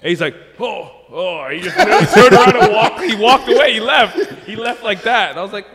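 A fast-talking man swaps stories in a loose podcast chat. His pitch jumps around a lot, and he swears and laughs as he acts out confrontations. The room adds a long reverb. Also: animated, a loud crowd.

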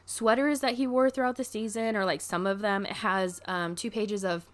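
A woman vlogger telling a story in a casual, chatty way, full of "like" fillers and excited gushing. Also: mid-range voice, normal speed. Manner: chatty, filler-heavy with constant "like".

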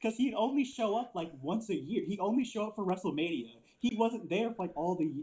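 A man's voice: high voice, expressive, a little fast, warm tone, slight background noise, low-quality recording. A man telling wrestling stories in casual chat, loose and profane, laughing often and filling with "like". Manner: loose storyteller, swears a lot, laughs often, many "like" fillers. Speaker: podcast co-host.

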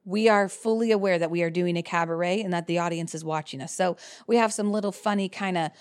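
A woman in her thirties, a cabaret performer, telling lively stories in casual chat and laughing often. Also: fairly low pitch, quick pace, clear, resonant tone. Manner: animated storyteller, laughs often.

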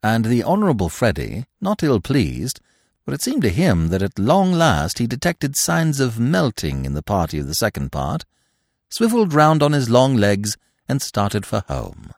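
A man narrating a classic novel in a lively, expressive storytelling manner. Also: mid-range voice, normal speed, no echo, studio quality.

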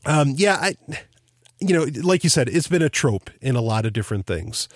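A man's voice: medium pitch, very animated, normal speed, no room sound, studio quality. A man hosting a podcast, musing in casual conversation with lots of fillers and restarts. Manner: rambling, thinking aloud with many fillers and restarts. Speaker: podcast host.

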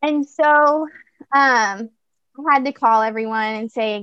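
Young woman, podcast guest, chatty storyteller with fillers, slightly high pitch, muffled recording. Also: slow, clean tone, no echo. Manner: chatty, lots of fillers and restarts. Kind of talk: personal storytelling. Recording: dull lo-fi dry recording.

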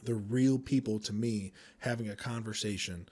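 A man hosting a podcast, a firefighter chatting casually in a rambling way with frequent chuckles and quick asides. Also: on the low side, darkish tone. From Indiana.

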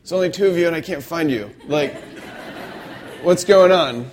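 A man's voice: fairly high pitch, moderate pace, darkish tone, a little hiss or hum, natural voice. A man voicing God as a casual, bemused figure looking for the hiding first humans, in a sermon retelling.

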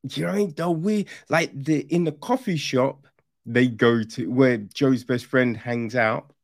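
A man's voice: medium pitch, a little slow, gravelly, no echo, clean studio sound. A man giving a casual, rambling spoken review, sarcastic and incredulous, swearing freely and checking in with "right?" as he goes. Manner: rambling with restarts and frequent "right?". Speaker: film reviewer.

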